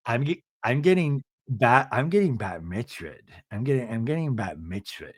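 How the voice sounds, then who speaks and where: A man putting on a soft-spoken, self-absorbed reality-TV woman who murmurs her lines. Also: mid-range voice, expressive, normal speed, husky, dry recording, clean studio sound. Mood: hushed.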